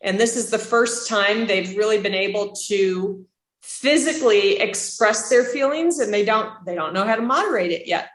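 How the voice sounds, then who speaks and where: A woman's voice: medium pitch, normal speed. Chatty woman teaching a class, roomy sound. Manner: chatty, animated, asks the class questions. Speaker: instructor. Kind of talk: classroom lecture. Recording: echoey room.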